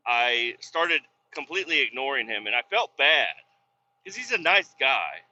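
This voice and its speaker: A man's voice: medium pitch, lively intonation, moderate pace, bright, forceful tone. A man, a truck driver, telling a long, rambling, profane story in casual, exasperated chat. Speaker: podcast host, truck driver. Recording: dull lo-fi with faint noise.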